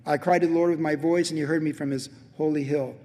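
A man preaching a sermon as a pastor, swinging from loud emphatic lines to hushed near-whispers. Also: fairly high pitch, fairly even intonation, quick pace, long reverb tail.

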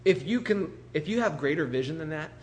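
A man preaching a sermon as a pastor, animated and full of rhetorical questions, often acting out the voices of others. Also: on the high side, brisk, slight background noise. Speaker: pastor planting a church.

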